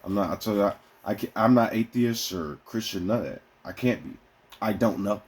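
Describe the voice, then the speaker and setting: A man venting casually to his viewers in a profane, rambling way, swinging between heated outbursts and quieter musings. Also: on the low side, fairly even intonation, a little fast, breathy edge. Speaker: vlogger. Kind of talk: casual rant to camera.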